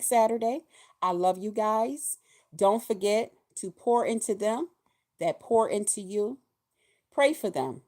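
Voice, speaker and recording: The woman's voice is medium-pitched with a darkish tone. As host of a weekly live show, she chats with her audience in a relaxed, folksy manner, addressing and thanking them directly.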